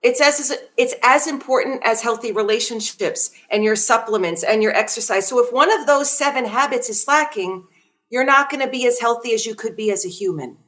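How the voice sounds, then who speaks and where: Chatty, animated woman guest. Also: on the high side, a little fast. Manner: animated, asks listeners direct questions; laughs readily. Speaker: wellness guest. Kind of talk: conversational podcast talk.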